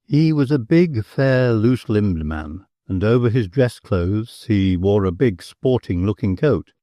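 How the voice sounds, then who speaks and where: A man narrating an audiobook in a measured, expressive storytelling manner on a close mic. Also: fairly low pitch, dry recording. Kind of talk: scripted narration.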